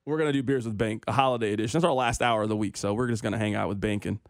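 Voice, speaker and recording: A man's voice: fairly low pitch, steady tone, very fast, no echo. A young man hosting a sports talk radio show, bantering and complaining in a playful, self-mocking way into a studio microphone.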